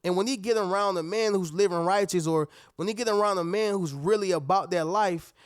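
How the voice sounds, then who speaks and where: A man giving a preachy motivational talk, animated and calling out to his listeners as family. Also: high voice, brisk, smooth, no room sound, clean studio sound. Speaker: motivational speaker.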